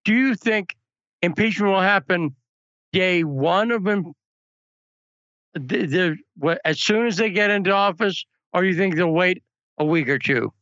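A man's voice: high voice, measured pace, a bit bright, dry recording, lo-fi sound. A man hosting a political talk show, chatting casually and telling anecdotes. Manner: chatty, storytelling asides.

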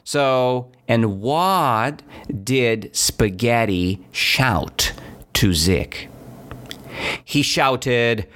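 Male language teacher: slow, very lively pitch, keeps asking "right?" while he walks the class through a story. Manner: repeats and checks understanding with "right?" and "okay?". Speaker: English teacher.

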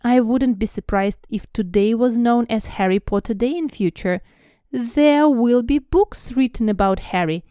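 A woman's voice: mid-range voice, slow pace, few pauses, mellow, dry recording, studio quality, close to an everyday voice. A woman reading aloud as an agitated older woman professor, protesting with emphasis.

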